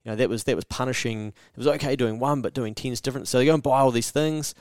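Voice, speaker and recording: A man's voice: medium pitch, fast, smooth, no echo, clean studio sound. A man co-hosting a casual podcast chat, telling stories with lots of energy, swearing freely and acting out what people say. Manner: animated storyteller who swears freely and acts out quotes. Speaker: podcast co-host.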